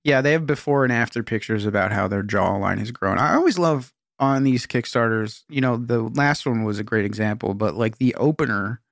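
A man co-hosting a comedy podcast, reading sales copy aloud with open mockery and plenty of swearing. His voice sits at an ordinary middle pitch. The recording is close and dry, with no room sound. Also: a little fast, gravelly, few pauses, no room sound. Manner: reads product pitches aloud in a mocking tone; swears freely and laughs a lot. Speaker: podcast co-host. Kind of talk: casual comedic banter.

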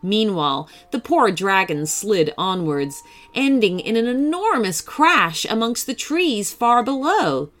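Woman narrator for kids' stories, slow, lively pitch, light music bed. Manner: expressive, slow and animated. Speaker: storyteller. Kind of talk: children's bedtime story narration.

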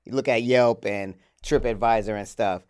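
A man's voice: fairly low pitch, fairly even intonation, moderate pace, darkish tone, clear, resonant tone. A man co-hosting a podcast in a laid-back, rambling casual chat, laughing often. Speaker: podcast co-host.

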